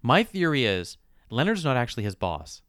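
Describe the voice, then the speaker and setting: A man's voice: mid-range voice, big pitch swings, normal speed, a bit bright, dry recording, studio quality. A man co-hosting a podcast, making wry jokes while recapping a TV show. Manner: wry, joking commentary. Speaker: podcast co-host. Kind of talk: casual chat recapping a TV show.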